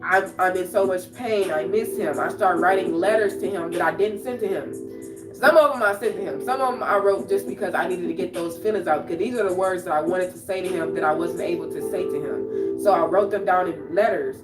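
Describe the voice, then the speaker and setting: A woman's voice: on the low side, brisk. A woman poet hosting a livestream, speaking rawly and confrontationally and repeating phrases as she talks to her viewers. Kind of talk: emotional livestream monologue. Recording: roomy echo, distant mic, music behind.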